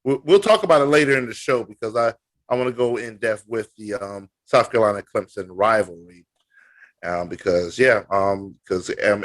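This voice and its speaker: A man co-hosting a sports podcast, boastful and animated, halting with many fillers. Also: on the low side, dry recording. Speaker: podcast co-host. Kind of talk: casual sports podcast chat.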